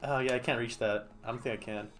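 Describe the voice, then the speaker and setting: A man's voice: medium pitch, fairly even intonation, quick pace, soft background music. A man streaming a game, chatting casually and playfully, laughing often and talking to the creatures on screen. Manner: playful, giggly, talks to the game. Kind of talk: casual gameplay commentary.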